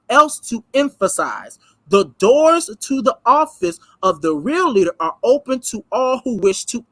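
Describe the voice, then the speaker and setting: Animated woman commenting on a text. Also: fairly high pitch, dry recording. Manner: emphatic and conversational, repeating key words and breaking off to address viewers. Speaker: host of a reaction channel. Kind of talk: commentary vlog, reading a text aloud and reacting.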